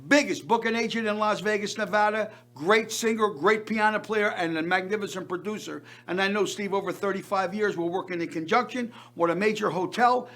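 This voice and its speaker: Older guy hosting a variety show, high voice, gushing showman style, doubles up words for emphasis. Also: a little fast, hardly any pauses, a bit bright. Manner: effusive, emphatic, repeats words. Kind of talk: showman's monologue.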